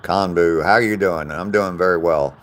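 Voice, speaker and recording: A man's voice: sits low, moderate pace, a bit bright. An older man from the South, chatting plainly with viewers on a live stream. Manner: plain-spoken, answers viewer comments directly. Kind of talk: casual live-stream chat.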